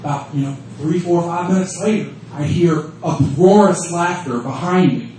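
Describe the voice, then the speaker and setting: A man's voice: fairly high pitch, normal speed, recorded from a distance, a little hiss or hum. Man telling stories in an echoey room. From United States. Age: 30s. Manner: profane, lively storyteller who laughs often. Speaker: wrestling promotion creative head on a fan panel. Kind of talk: storytelling at a fan Q&A panel. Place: convention room at a fan event. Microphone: phone held in the audience. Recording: echoey room, phone recording from the audience.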